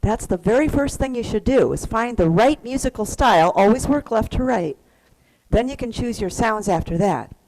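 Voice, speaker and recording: A woman's voice: a little high, animated, moderate pace, a little mellow. A woman teaching an online keyboard class, patiently explaining rhythm and counting beats aloud. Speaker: music teacher. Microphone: computer mic on a video call.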